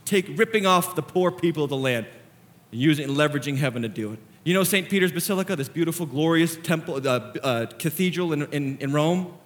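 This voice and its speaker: Male preacher, bright ringing tone, impassioned sermon delivery. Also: on the high side, fairly quick. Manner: impassioned, swinging from hushed to shouting. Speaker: pastor.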